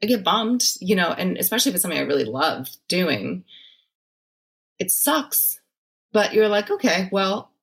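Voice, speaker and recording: A woman's voice: on the low side, very animated, normal speed, gravelly. A woman from Brazil, an actress guest in a casual interview, who talks in a laughing, self-deprecating way.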